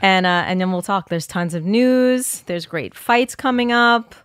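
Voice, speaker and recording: A woman co-hosting a podcast in lively, teasing casual chat. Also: mid-range voice, unhurried, clear, resonant tone, no echo, clean studio sound. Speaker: podcast co-host.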